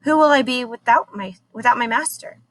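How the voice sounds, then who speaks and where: A woman reading aloud as an anxious young servant boy, her voice lifting a little higher and more eager. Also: fairly quick, dry recording, close to an everyday voice.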